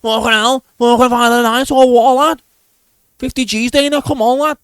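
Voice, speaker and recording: A man's voice: very high-pitched, steady tone, normal speed, smooth, no echo, pitched above the performer's own voice. A man putting on a brash, boastful young fighter with a rowdy Liverpool accent. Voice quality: loud, rowdy.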